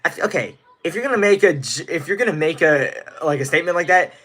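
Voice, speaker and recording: A man's voice: on the high side, expressive, quick pace, fairly bright tone. A nineteen-year-old man from Indiana, livestreaming casually, rambling and greeting viewers in chat by name. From Indiana, USA. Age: teens.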